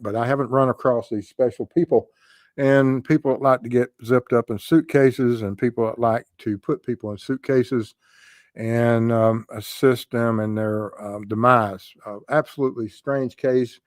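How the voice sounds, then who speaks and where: A man's voice: lowish voice, dry recording. Older guy chatting on his crime stream, lots of uhs, dry close sound. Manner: rambling, many ums and uhs, greets chat viewers. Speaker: true crime livestream host. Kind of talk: casual livestream chat.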